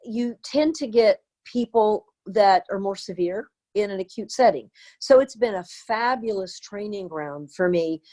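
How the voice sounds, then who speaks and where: Older female therapist, interview guest, earnest storyteller, mid-pitched. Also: measured pace, few pauses. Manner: earnest, animated storytelling with acted quotes. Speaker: therapist and author.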